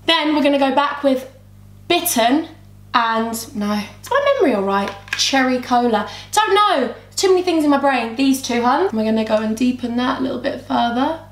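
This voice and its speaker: Young woman vlogger, high and bubbly, chats to herself through a makeup tutorial in an echoey room. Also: animated, normal speed. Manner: bubbly, rambling, talks to herself and her camera. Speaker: beauty vlogger. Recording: roomy echo.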